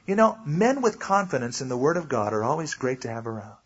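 A man's voice: medium pitch, sing-song, fairly quick, husky, highs cut off. A male pastor teaching a verse-by-verse Bible sermon in a conversational way, full of asides and explanations.

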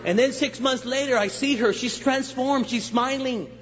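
Male guest preacher from LA County, high voice, lively storyteller, echoey church hall. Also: moderate pace, slight background noise. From Los Angeles County, USA. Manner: animated storyteller, acts out voices, jokes with the crowd. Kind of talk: sermon testimony. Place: church sanctuary. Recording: echoey hall, slightly dull sound.

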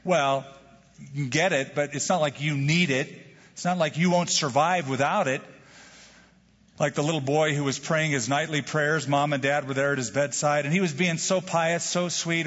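A man preaching a sermon as a pastor, animated, acting out quoted prayers with jokes. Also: fairly high pitch, moderate pace. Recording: dull lo-fi sound with hall reverb.

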